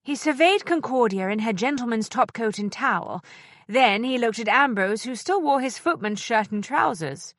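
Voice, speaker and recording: Expressive woman audiobook narrator. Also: on the high side, no room sound, studio quality. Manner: expressive, measured storytelling.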